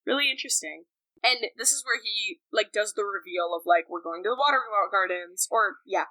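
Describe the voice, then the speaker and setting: A young woman co-hosting a casual book podcast, talking in an animated way, laughing often and acting out characters' lines. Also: medium pitch, brisk, dry recording, low-quality recording. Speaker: podcast co-host. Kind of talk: casual book discussion chat.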